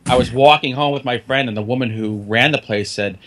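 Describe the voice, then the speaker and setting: A man's voice: medium pitch, brisk, hardly any pauses. A middle-aged man co-hosting a horror podcast, telling stories in casual chat and laughing often. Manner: animated storyteller, laughs often. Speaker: podcast co-host.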